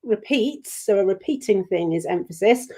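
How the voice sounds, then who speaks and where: A British woman leading an online choir rehearsal, explaining phrasing gently and singing short lines to demonstrate. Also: medium pitch, animated, normal speed. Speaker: choir leader.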